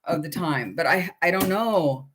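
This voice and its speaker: A woman's voice: on the low side, expressive, measured pace, a bit bright, slight background noise. A middle-aged woman hosting a casual live chat with viewers, rambling and chatty with lots of fillers.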